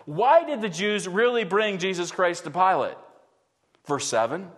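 A man's voice: high-pitched, lively intonation, moderate pace. A man preaching an expository sermon, vividly retelling the scene and asking the congregation rhetorical questions. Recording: long reverb in a large hall.

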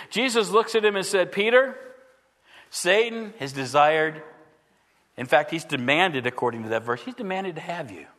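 A man with a high-pitched voice delivers a church sermon. He is earnest, asks the room question after question, and acts out the quotes in his story. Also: fairly bright tone. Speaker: pastor.

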